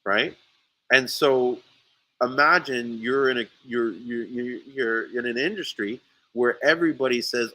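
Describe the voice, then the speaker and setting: Bright-voiced man telling a heated story. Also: mid-range voice, a little slow, rough recording. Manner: animated storytelling, swears often, many restarts. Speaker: sea moss seller. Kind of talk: casual podcast chat. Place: St. Lucia.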